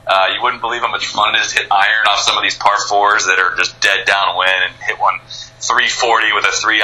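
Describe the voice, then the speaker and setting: Male radio guest, American, low and sharp-toned, enthusiastic and rambling. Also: low-quality recording. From United States. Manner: rambling, enthusiastic, many restarts. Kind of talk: casual interview chat.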